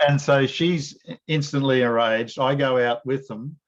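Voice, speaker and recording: A man interviewing a guest and telling animated stories in a casual, slangy way. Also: medium pitch, measured pace, muffled recording. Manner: animated storyteller, blokey slang.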